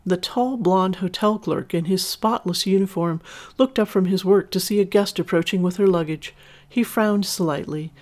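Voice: medium pitch, moderate pace, a little mellow. Casual storyteller reading aloud. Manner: casual, chatty asides. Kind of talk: erotic story narration with commentary.

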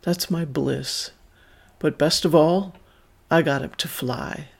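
A man reading a first-person story aloud in a calm, measured, intimate way. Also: on the high side, creaky.

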